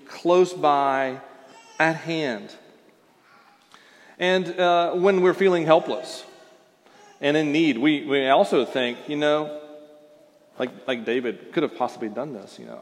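A man's voice: a little high, takes it slowly, long pauses, big-room sound. A man preaching a sermon as a pastor, talking in an informal, storytelling way with fillers and restarts. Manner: conversational, with frequent fillers and restarts.

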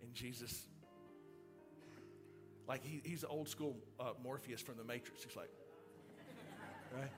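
A middle-aged male pastor delivering a sermon, moving from calm storytelling to loud, excited preaching. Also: mid-range voice, measured pace, pauses often, music in the background.

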